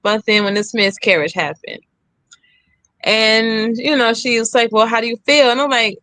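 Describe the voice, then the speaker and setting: A woman's voice: on the high side, moderate pace, bright, forceful tone, no room sound. A young woman candidly telling her own story, re-enacting the lines of others with emphasis. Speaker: guest sharing her story.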